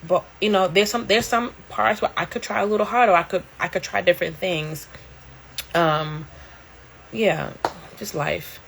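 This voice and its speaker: A woman's voice: fairly low pitch, normal speed, gravelly, fairly bright tone, a little hiss or hum. A middle-aged woman hosting a casual livestream from home, talking candidly in a slangy way and laughing often. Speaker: livestream host.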